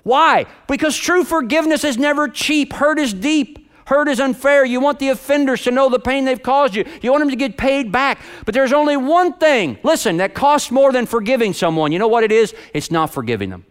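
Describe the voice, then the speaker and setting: A male preacher delivering a sermon, swinging from loud, high emphasis to low, hushed delivery. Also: expressive, a little fast, hardly any pauses, clean tone.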